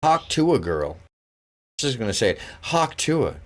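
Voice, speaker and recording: A man's voice: mid-range voice, unhurried. A man hosting a stream, rambling and swearing through casual reaction commentary. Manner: rambling, profane, animated. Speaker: streamer host.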